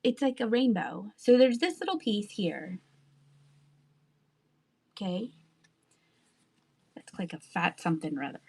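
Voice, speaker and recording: A woman's voice: mid-range voice, big pitch swings, unhurried, gravelly, pauses often, mellow, husky. A woman hosting a live-stream sale, chatting casually, thinking aloud with asides and trailing sentences, and laughing often. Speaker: live online seller. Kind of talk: live-stream sales chat.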